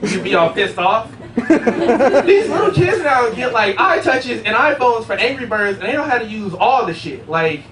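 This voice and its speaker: A man's voice: extremely high pitch, very animated, moderate pace, fairly bright tone. A young man performing a casual, profane stand-up comedy set, telling rambling stories on stage. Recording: roomy, distant, noisy live room. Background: audience laughter.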